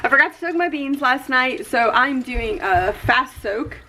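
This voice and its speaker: A woman's voice: high-pitched, lively intonation, a little slow, pushed and bright, a little hiss or hum. A woman talking through her cooking in a home kitchen in a casual, matter-of-fact way. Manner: matter-of-fact, explains as she cooks. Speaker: host's wife, co-host.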